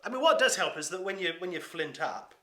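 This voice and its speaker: Aussie guy chatting, bright tense voice, restarts a lot. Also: sits high, very animated, fairly quick, slight background noise. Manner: chatty, laughs often, restarts phrases. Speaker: children's science performer. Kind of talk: casual chat. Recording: roomy echo.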